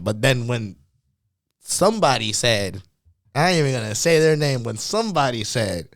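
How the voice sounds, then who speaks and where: A man's voice: mid-range voice, animated, moderate pace, dry recording, clean studio sound. A man guesting on a podcast interview, talking in a laid-back, slangy way and laughing often. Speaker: guest singer.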